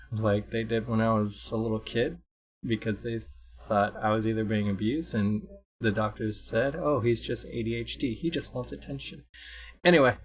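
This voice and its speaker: Young man, casual home vlog on a computer mic. Rambles, apologizes, restarts a lot, mid-pitched. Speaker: vlogger. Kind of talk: casual unscripted talk to camera. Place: room at home. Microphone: computer microphone.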